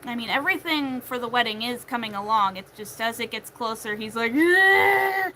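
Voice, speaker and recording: Young female crafter talking at home; bright tone, faint hiss in the recording. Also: on the high side, steady tone, a little fast, poor audio. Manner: chatty, acts out quotes of family in shifting voices. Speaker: crochet vlogger. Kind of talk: casual chat while crocheting.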